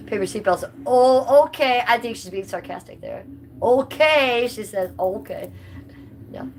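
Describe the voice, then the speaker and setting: A woman's voice: on the high side, moderate pace, a little mellow, slight background noise, low-quality recording. A woman hosting a livestream, chatting casually and bluntly with viewers and swearing freely. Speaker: livestream host. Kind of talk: casual livestream chat reading comments.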